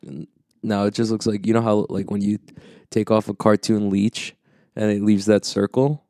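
A man's voice: lowish voice, steady tone, moderate pace, dark tone, dry recording, studio quality. A young adult man in casual, crude, joking banter with a friend, often laughing. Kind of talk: casual chat.

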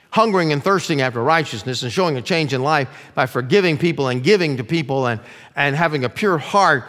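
A middle-aged male pastor preaching a sermon earnestly, dropping his voice low to stress key lines. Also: fairly bright tone. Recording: long reverb of a large room.

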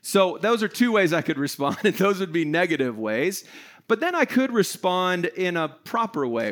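A man's voice: high voice, sing-song, moderate pace, fairly bright tone. A middle-aged man preaching a casual sermon to an online audience, chatty and self-deprecating, acting out little scenes along the way. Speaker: pastor.

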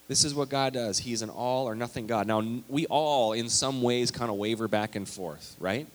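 A male pastor preaching a sermon, animated and emphatic, reading scripture aloud with big swings in loudness. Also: medium pitch, moderate pace. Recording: long hall reverb.

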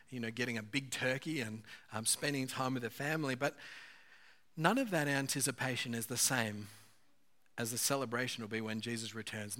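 A man's voice: medium pitch, pushed and bright. A man, a pastor, giving an earnest, conversational sermon with occasional fillers.

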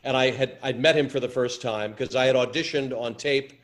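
Male actor guest, mid-pitched, stop-start storyteller, repeats himself. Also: steady tone. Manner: halting, repeats words, storytelling. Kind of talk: anecdotal interview chat.

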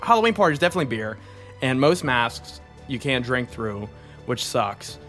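A young man in casual podcast chat, excitable and profane, riffing loosely. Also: medium pitch, moderate pace, faint music behind. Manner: lively, profane, excitable with laughs.

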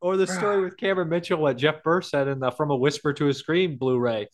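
A man's voice: fairly high pitch, fairly even intonation, quick pace, a little hiss or hum. A man co-hosting a casual podcast chat, rambling through stories with lots of laughter, swearing and acted-out quotes. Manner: rambling, laughing storyteller who acts out quotes; heavy swearing. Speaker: podcast co-host. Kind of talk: casual chat about cult horror films.

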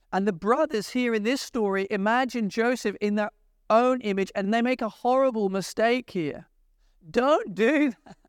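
A man's voice: sits high, clear, resonant tone, dry recording, clean studio sound. A man preaching a sermon, retelling scripture and making earnest, pleading appeals to his listeners. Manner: retells scripture with emphatic pauses.

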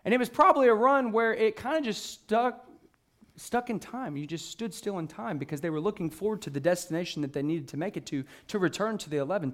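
A man with a high voice preaches a sermon in a loose, conversational way. He often restarts his sentences and uses fillers. Now and then he acts out an excited exchange between characters. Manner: acts out the disciples' excited questions. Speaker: pastor.

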